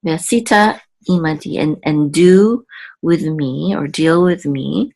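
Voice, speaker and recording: A woman teaching Biblical Hebrew word by word, patient and halting, often correcting herself. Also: low-pitched, creaky, darkish tone. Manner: halting, with many fillers and self-corrections. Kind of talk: slow, patient word-by-word lesson.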